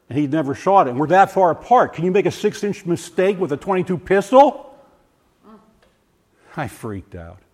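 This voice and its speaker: An older man giving a personal testimony, animated and full of restarts, acting out voices as he tells the story. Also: mid-range voice. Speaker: former science teacher giving a testimony. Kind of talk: personal testimony talk to a group.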